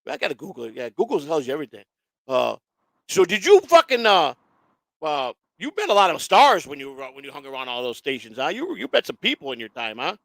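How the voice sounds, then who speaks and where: A man's voice: a little high, huge pitch swings, brisk, gravelly, a bit bright, no echo. A man hosting a casual chat, rambling and swearing, with lots of restarts. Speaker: show host.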